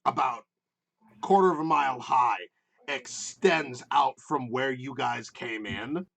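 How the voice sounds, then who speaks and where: A man's voice: medium pitch, animated, slow, vocal fry, fairly bright tone. A man narrating as game master of a tabletop game, rambling with lots of fillers.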